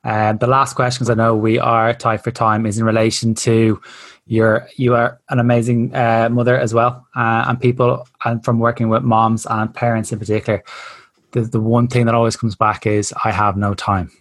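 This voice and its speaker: A man's voice: medium pitch, level tone, moderate pace, no room sound. A man hosting a podcast, easygoing, asking long rambling questions. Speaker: podcast host. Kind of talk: casual interview chat.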